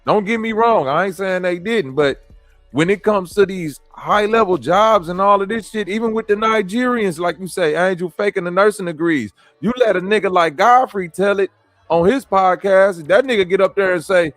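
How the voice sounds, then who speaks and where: A man's voice: high voice, normal speed, a bit bright, dry recording, faint music behind. A man from the American Midwest hosting a stream, reacting to clips and talking to his chat in blunt, profane slang. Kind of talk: casual commentary with chat.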